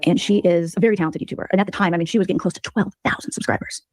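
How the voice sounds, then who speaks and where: A woman giving sarcastic, mocking gossip commentary as a streamer, telling the story in an animated way. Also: on the low side, racing, dry recording.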